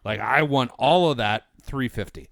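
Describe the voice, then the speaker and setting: A man's voice: medium pitch, moderate pace, creaky, fairly bright tone, dry recording, clean studio sound. A middle-aged man from Massachusetts, a podcast guest trading crude jokes and curses in casual banter. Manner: crude joking, swearing, exclaiming.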